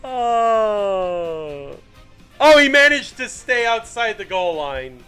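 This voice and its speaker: Excitable high-voiced male sports streamer. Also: slow pace, clean tone, faint music behind. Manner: self-mocking, excitable, rants at the game. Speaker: streamer doing game commentary. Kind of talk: live-stream fan commentary.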